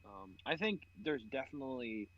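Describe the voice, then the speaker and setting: A man's voice: medium pitch, animated, normal speed, a bit bright, lo-fi sound, slight background noise. A young man co-hosting a podcast, chatting casually and laughing about video games while he plays, swearing often. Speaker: podcast co-host. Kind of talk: casual gaming chat while playing.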